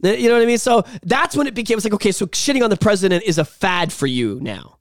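A man's voice: sits high, expressive, quick pace, dry recording, studio quality. A man hosting a podcast, ranting in a heated, profane way in casual chat. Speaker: podcast host.

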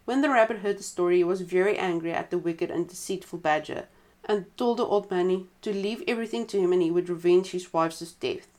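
A woman reading a folk tale aloud in a relaxed way, stopping now and then for chatty side comments. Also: lowish voice, brisk. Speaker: storyteller.

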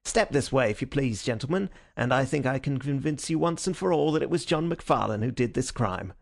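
A man's voice: high voice, expressive, moderate pace, vocal fry, pitched above the performer's own voice. A man voicing a smug, triumphant male police inspector in a crowing, boastful way. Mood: gloating.

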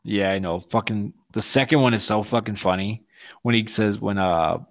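A man's voice: fairly low pitch, normal speed. Profane, laughing man on a call. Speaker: podcast co-host. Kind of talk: casual chat. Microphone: video call.

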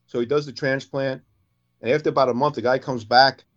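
A man co-hosting a show, telling jokes in a casual, animated way and jumping higher for his characters' lines. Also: a little fast, highs cut off.

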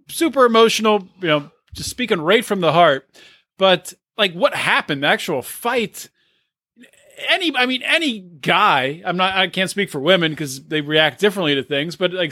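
A man co-hosting a podcast, giving measured, hesitant opinions in casual chat. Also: sits high, bright, forceful tone, no room sound, studio quality.

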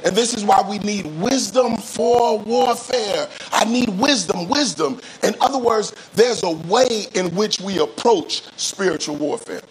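A man's voice: sits high, a little hiss or hum, low-quality recording. A male pastor preaching a sermon, calling on the congregation to answer back, stretching key phrases out for emphasis and often repeating words as he restarts. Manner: call-and-response preaching, drawn-out emphatic phrases.

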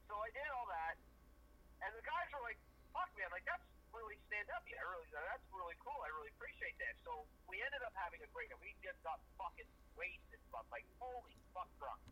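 A man with a high, bright voice spins a rambling, swear-filled bar story as a podcast co-host. He talks loosely and animatedly, with a faint hiss of noise behind him. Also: sing-song, fairly quick, low-quality recording. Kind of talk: casual storytelling chat.

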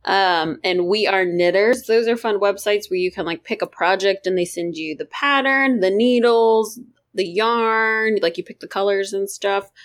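A woman's voice: medium pitch, moderate pace. A woman co-hosting a podcast in casual chat, chatty and swearing freely, with many fillers and laughs. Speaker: podcast co-host.

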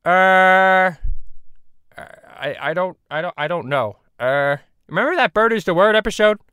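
A man's voice: sits high, expressive, a little slow, sharp tone, clear, resonant tone, no echo, clean studio sound, heavily acted. A man doing a bumbling rambling cartoon dad. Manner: rambling, hesitant, full of filler. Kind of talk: parody voice acting.

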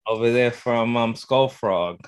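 A man's voice: medium pitch, unhurried, clear, resonant tone, dry recording. A young man co-hosting a podcast, talking in a loose, slangy way and addressing the listeners as guys. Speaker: podcast co-host. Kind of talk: casual chat.

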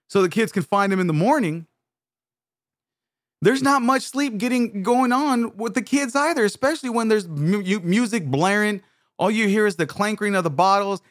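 A man telling a comedic story in a rambling, animated way, often restarting his sentences. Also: sits high, dry recording, clean studio sound. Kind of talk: comedic monologue.

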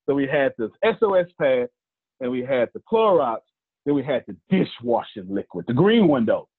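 A man's voice: on the high side, big pitch swings, normal speed, vocal fry, husky. A man, a motivational speaker telling personal stories in a joking, conversational way with preacher-like asides. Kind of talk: casual storytelling talk. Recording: phone-like lo-fi line.

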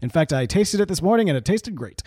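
Animated man in lively podcast chat. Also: sits high, fast talker, husky, no echo, studio quality. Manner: animated, laughing, self-interrupting. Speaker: podcast co-host. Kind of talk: casual chat.

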